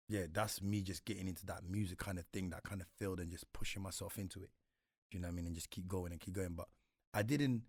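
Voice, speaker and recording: A man's voice: low voice, a little mellow, slightly rough, dry recording, studio quality. A man, a guest in a casual interview, talking reflectively with slang and frequent repeats. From Congo.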